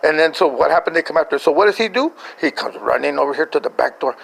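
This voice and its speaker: An older man tells a family story in a casual voice message, rambling and chuckling as he restarts his sentences. His voice is gravelly and sits somewhat high for a man. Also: animated, quick pace, fairly bright tone, poor audio. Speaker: grandfather telling a family story.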